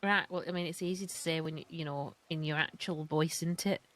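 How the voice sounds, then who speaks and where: A woman's voice: low voice, fairly even intonation, fairly quick, a bit bright. A woman from northern England with a Northern English accent, chatting in a wry, bemused way during a roleplay. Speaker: roleplay character. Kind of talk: in-character roleplay chat.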